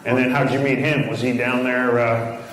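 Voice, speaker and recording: On stage before a live audience, a man does stand-up with crowd work, blunt, teasing, and provocative. His medium-pitched voice is delivered flatly at a moderate pace, over loud background noise.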